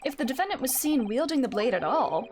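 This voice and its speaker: A woman's voice: sits high, big pitch swings, background noise. A woman voicing a stern, formal male judge presiding over a courtroom game. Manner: formal, measured.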